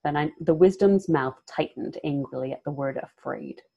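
Low-voiced woman reading a novel aloud. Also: normal speed, creaky, dark tone, breathy edge, highs cut off. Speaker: reader.

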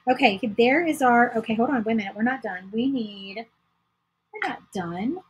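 A woman's voice: on the high side, lively intonation, normal speed, background noise. A woman hosting a casual crafting livestream, chatting to viewers while she paints. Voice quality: very husky.

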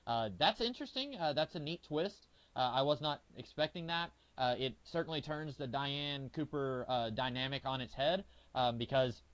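A man's voice: medium pitch, fairly bright tone, dry recording. A man co-hosting a podcast in casual chat, rambling with lots of fillers as he retells scenes with animation. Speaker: podcast co-host. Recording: dull lo-fi audio.

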